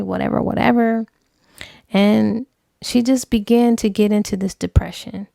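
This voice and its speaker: Gravelly-voiced woman recapping a novel. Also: medium pitch, normal speed, no echo, clean studio sound. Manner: animated storytelling with acted dialogue. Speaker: book reviewer. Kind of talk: casual retelling of a novel's plot.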